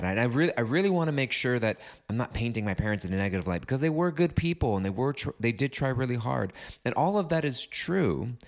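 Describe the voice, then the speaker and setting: A man hosting a reflective solo podcast, talking calmly and deliberately in repeated parallel phrases. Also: medium pitch. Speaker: podcast host.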